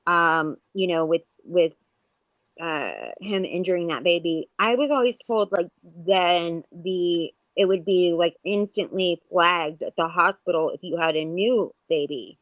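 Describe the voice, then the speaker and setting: A woman's voice: on the low side, measured pace, dry recording. Woman, 40s, podcast co-host; loose rambling chat full of fillers, muffled lo-fi sound. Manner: rambling, many fillers and restarts. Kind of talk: casual chat. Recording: dull lo-fi audio.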